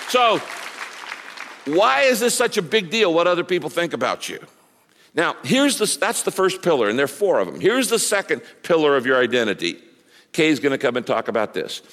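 A man preaching a sermon as a pastor, emphatic and animated, with big rises and drops in his delivery. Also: on the high side, big-room sound.

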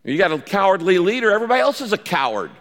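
A man preaching a sermon as the pastor, animated and acting out the voices in the story he tells. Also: rapid-fire. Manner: animated preacher, acts out quoted lines with big pitch jumps. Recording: long reverb of a large hall.

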